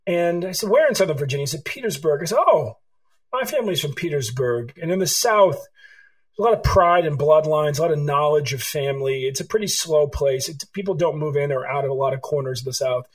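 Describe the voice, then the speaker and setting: A man's voice: a little high, poor audio. A middle-aged man from California, an author telling stories in an interview and acting out the dialogue. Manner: animated storyteller, acts out dialogue. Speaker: author and guest. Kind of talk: storytelling interview answers.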